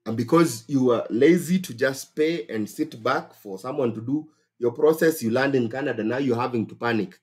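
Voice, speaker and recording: A man with a Kenyan accent hosting a casual advice livestream, talking in an animated, exclamatory way and repeating phrases for emphasis. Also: mid-range voice, moderate pace, slightly rough. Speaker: host.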